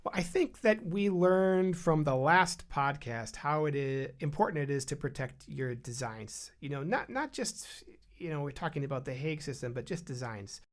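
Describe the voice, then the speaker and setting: A man speaking as a guest expert in a podcast interview, relaxed and conversational, with frequent fillers and restarts. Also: fairly high pitch, moderate pace. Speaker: guest expert on design protection.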